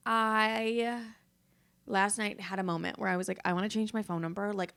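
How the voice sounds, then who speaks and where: A young woman's podcast episode is loose, rambling, and confessional, with plenty of swearing, and she sounds teary because she has just been crying. Her medium-pitched voice is fairly bright, clear, and resonant.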